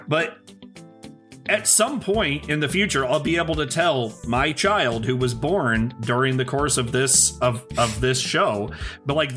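Young dad type on a podcast, thoughtful, keeps restarting, music low behind. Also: male voice, fairly bright tone. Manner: reflective, halting, restarts often. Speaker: podcast co-host. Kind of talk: casual chat.

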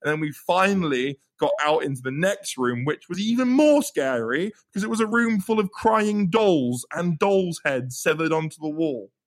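Brief: young guy, slightly high voice, excitable storyteller who swears and laughs easily. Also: moderate pace, few pauses. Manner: animated, swearing, laughing, repeats words. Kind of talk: casual storytelling chat.

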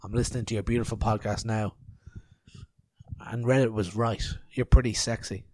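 A man's voice: fairly low pitch, steady tone, normal speed, a little mellow, no echo. Guy rambling on his podcast, teasing himself, dry close sound. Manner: chatty, rambling, self-mocking. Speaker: podcast host. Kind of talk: casual chat and interview. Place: outdoor festival grounds in later part.

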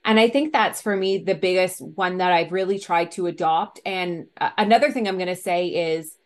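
A woman's voice: lowish voice, normal speed. A mother speaking as a podcast guest, earnest and reflective, with frequent "like" fillers. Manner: earnest, reflective, uses 'like' often. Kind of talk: casual conversation.

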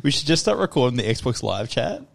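A man co-hosting a podcast, chatting excitably and swearing casually. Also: medium pitch, fairly quick, gravelly. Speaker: podcast co-host. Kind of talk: casual chat.

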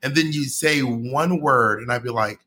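An American man with a bright, forward voice chats loosely as host over a video call. He rambles playfully and drifts off on tangents. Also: medium pitch, moderate pace. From United States. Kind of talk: casual chat.

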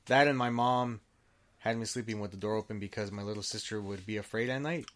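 A storyteller guest, this man speaks with a lowish, slightly bright voice that moves a little fast. His personal story comes out in rambling casual chat, full of restarts and free swearing as he performs other people's words.

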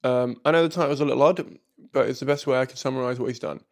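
Gravelly man reading posts aloud. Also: mid-range voice, fast talker. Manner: swears freely, mutters asides, hesitant with many fillers. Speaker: streamer reading Reddit posts. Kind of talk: casual chat, reading aloud.

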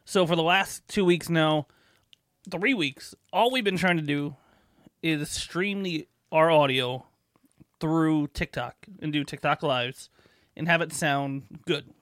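A fairly high-voiced man cohosting a podcast, loud and quick to laugh. He swears freely while telling everyday stories in casual banter. The sound is dry and close, with almost no room echo. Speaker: podcast co-host. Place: podcast studio.

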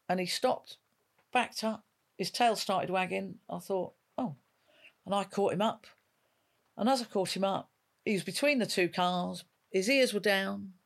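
A woman in her fifties with a gravelly, fry-edged voice recounts her police days. She is a retired dog handler, talking in an interview and acting out each quoted line as she tells it. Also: on the low side. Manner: vivid storyteller who acts out quoted dialogue. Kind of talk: emotional storytelling in an interview.

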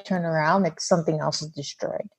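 Raspy woman in lively chat. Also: sits low, brisk, soft background music. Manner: lively storytelling, heavy use of "like". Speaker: mother of a toddler. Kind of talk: casual chat.

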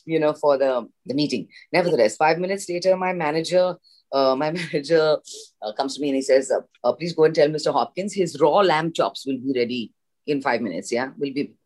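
A woman from India, an actress, telling an animated story in a casual interview, acting out the dialogue. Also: low voice, a little fast. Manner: animated anecdote with acted-out dialogue and laughs. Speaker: guest actress.

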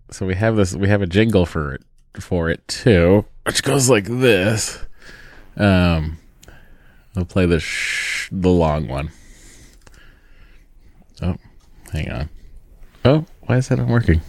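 A man's voice: deep voice, a little slow, pauses often, no room sound, studio quality. A man hosting a podcast, telling a rambling story in casual chat and often breaking off and restarting his sentences. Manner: rambling, self-interrupting storyteller. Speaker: podcast host.

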